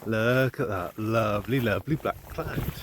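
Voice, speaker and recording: A man's voice: lowish voice, normal speed, noisy background. A man vlogging on a country walk, talking casually to the camera in a chatty, wry, rambling way with playful asides. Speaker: walking vlogger. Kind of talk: casual talk to camera while walking. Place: open countryside, outdoors.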